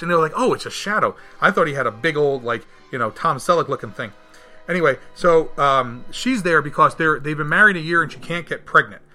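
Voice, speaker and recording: Man, very bright voice, higher pitch, lively film recap chat, faint music underneath. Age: adult, married. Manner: animated, acts out quotes with big jumps in pitch. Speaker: podcast co-host reviewing a film. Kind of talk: casual chat.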